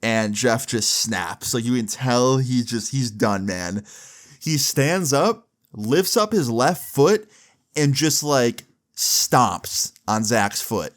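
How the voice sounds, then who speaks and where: A man's voice: mid-range voice, lively intonation, slow pace. A young man telling a casual story full of crude slang, filling his talk with "like". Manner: crude, casual, many "like" fillers.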